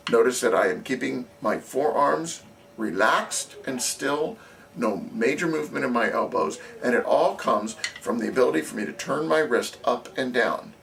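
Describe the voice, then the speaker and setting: With a gravelly, fairly bright voice of medium pitch, a drumline instructor walks through snare drum technique step by step and counts beats aloud. The demonstration was recorded on a distant camera with faint background noise.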